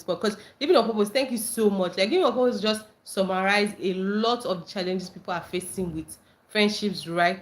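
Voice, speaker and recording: A woman hosting a casual livestream, reading viewer comments aloud and reacting with frequent laughter and squealed greetings. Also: medium pitch. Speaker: livestream host.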